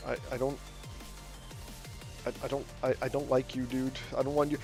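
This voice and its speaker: A man's voice: mid-range voice, moderate pace. Rambling, profane young man streamer. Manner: rambling, profane, lots of filler and restarts; gets loud and animated when ranting. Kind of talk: casual stream chat while drawing. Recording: faint music behind.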